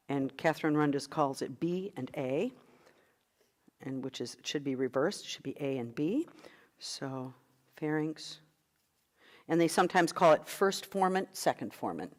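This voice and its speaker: A middle-aged woman leading an online vocal workshop as a coach, guiding breathing exercises in an encouraging manner. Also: low voice. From United States.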